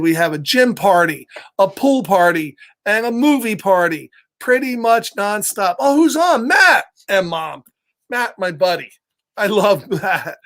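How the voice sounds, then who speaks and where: Male kids' story-time host, casual and chatty, warm giggles, speaks of himself by name. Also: high-pitched. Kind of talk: casual livestream chat to children.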